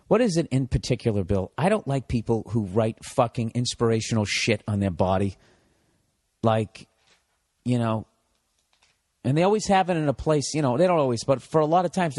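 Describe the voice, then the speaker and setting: A man's voice: a little high, no echo. A man in his forties with a Boston accent, hosting a podcast and delivering a profane, sarcastic solo rant. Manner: profane, sarcastic ranting with frequent asides. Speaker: podcast host.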